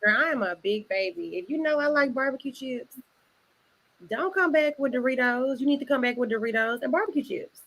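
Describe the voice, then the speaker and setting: A woman's voice: high-pitched, a little fast, a bit bright. A woman co-hosting a casual chat, joking in a playful, dramatic way. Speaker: podcast co-host.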